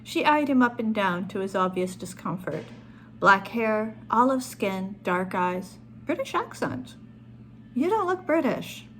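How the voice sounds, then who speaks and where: A woman author reading her own short story aloud in a calm storytelling manner. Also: medium pitch, measured pace, a little hiss or hum.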